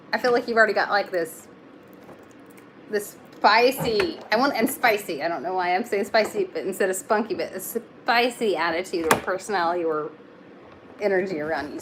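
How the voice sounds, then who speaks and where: A woman's voice: mid-range voice, noisy background. A young woman giving a casual live tarot reading, talking in a chatty, reassuring way with lots of fillers. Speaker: tarot reader.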